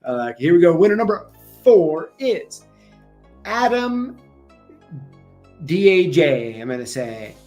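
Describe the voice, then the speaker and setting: Male host for a casual live giveaway show, rambly and relaxed, with faint tunes underneath. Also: a little high, a little slow, pauses often, highs cut off. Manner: chatty, rambling, with frequent ums and laughs. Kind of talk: casual livestream chat. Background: faint music playing.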